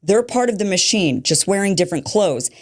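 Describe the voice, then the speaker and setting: A woman's voice: mid-range voice, animated, fairly quick. A woman hosting a show, giving political commentary in a pointed, rhetorical manner. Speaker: show host.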